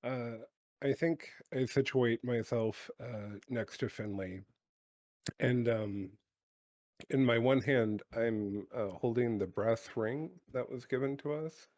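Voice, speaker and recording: A man with a low voice speaking very slowly as he describes what his character does. The sound is dry and close. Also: a little mellow, no room sound. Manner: slow, deliberate, with many ums. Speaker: player. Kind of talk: tabletop game play.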